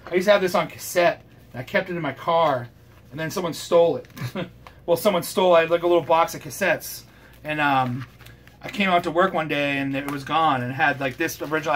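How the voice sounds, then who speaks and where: A man's voice: on the high side, fairly bright tone, slight background noise. Casual swearing man reviewing records. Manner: loose, rambling, swears casually. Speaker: host.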